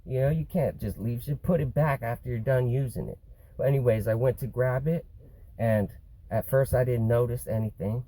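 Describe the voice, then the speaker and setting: A man's voice: mid-range voice, fairly even intonation, normal speed, warm tone, poor audio. A man vlogging, casually telling a long story in a rambling way, full of "you know" and some swearing.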